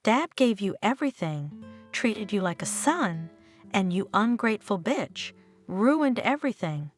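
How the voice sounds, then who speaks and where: A woman reading the lines of a furious betrayed wife, indignant and shouting in outbursts. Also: mid-range voice, big pitch swings, a little slow, soft background music.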